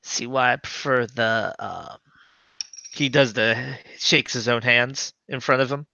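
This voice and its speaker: A tabletop role-play player who talks slowly and hesitantly, with many fillers, in and out of character. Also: medium pitch, vocal fry, bright, forceful tone, dry recording, dull audio.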